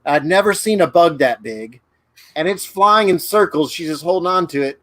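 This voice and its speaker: A man from Detroit telling animated anecdotes in casual chat, laughing along. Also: fairly high pitch, normal speed, dry recording. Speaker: co-host. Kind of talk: casual storytelling.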